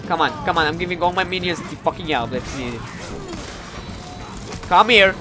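A man giving live gameplay commentary. He is excitable and swears often, and he sounds frustrated during matches and more hesitant when looking back afterward. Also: fairly high pitch, fast talker, over music.

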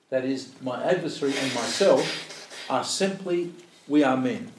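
A man's voice: medium pitch, measured pace, few pauses, a little hiss or hum. A man leading an informal Bible study. He thinks aloud, poses rhetorical questions and acts out quoted prayers. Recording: roomy, distant mic, faint room ambience.

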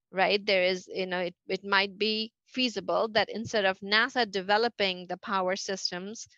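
A middle-aged woman answering interview questions in a quick, halting way, full of fillers and restarts. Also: medium pitch, fairly bright tone, no echo, highs cut off. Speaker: NASA associate administrator, interview guest.

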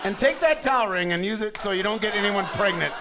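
A man's voice: high voice, animated, fast, noisy background. A man emceeing a burlesque show, bantering bawdily with the audience in live stand-up style. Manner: bawdy, teasing, quizzes the crowd. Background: laughing crowd.

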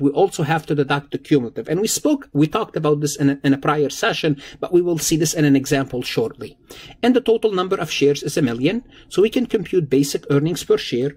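A man's voice: on the high side, a little mellow, slightly rough. A man lecturing on accounting in a recorded lesson, explaining patiently and repeating key points with everyday examples.

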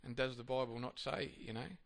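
A man's voice: mid-range voice, brisk, gravelly, fairly bright tone. A man giving a sermon, reading Bible passages and then reflecting on them in a conversational, hesitant way with many fillers and restarts. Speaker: preacher.

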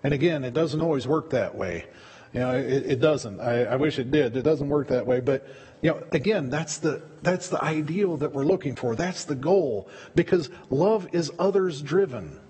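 A man's voice: a little high, animated, normal speed, a little mellow, husky. A man preaching a sermon as pastor, in a conversational way that often repeats words as he goes. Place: church sanctuary. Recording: long church reverb.

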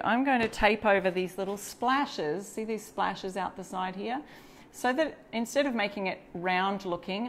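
A woman's voice: medium pitch, slight background noise. An Australian woman chatting casually through a live craft tutorial, showing stencils and greeting viewers as she works. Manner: chatty, greets and reads out viewer comments while working. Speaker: DIY crafter hosting a live stencil demo.

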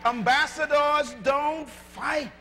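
A male preacher delivering a sermon emphatically, calling out to the congregation and shouting at peaks. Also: very high-pitched, slow, faint music behind. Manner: emphatic, calls to audience.

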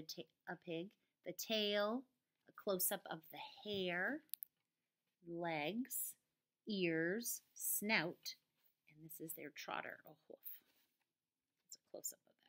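A woman teacher reading picture books aloud to young children, slow and expressive with playful voices. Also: lowish voice.

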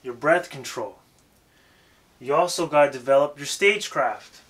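A man's voice: a little high, moderate pace, a bit bright. A man giving a casual, emphatic lesson on rapping and stage presence, swearing freely and repeating himself for emphasis. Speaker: rap coach.

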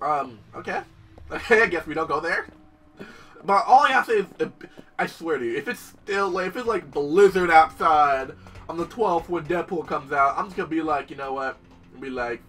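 A young man commentating his gameplay, excitable and profane, talking straight to the game and its characters. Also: on the high side, brisk, far from the mic, soft background music. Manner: excitable, swears a lot, talks to the game and its characters. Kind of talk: let's play commentary.

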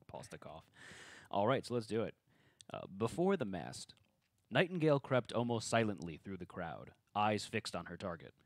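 A man's voice: fairly low pitch, sing-song, normal speed, dry recording. A man reading the narration at a tabletop game table read and joking with the other players.

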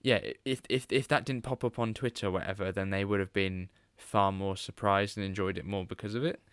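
A man's voice: fairly low pitch, steady tone, brisk, smooth, no echo. A British man hosting a podcast in casual chat, laughing often and restarting his sentences. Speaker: podcast host.

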